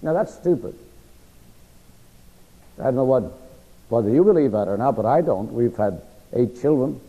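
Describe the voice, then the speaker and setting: Lively preacher with a frog in his throat. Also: medium pitch, moderate pace. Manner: asks the audience to fill in words. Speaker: preacher teaching a Bible class. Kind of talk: sermon-style Bible teaching. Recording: lo-fi recording with long hall reverb.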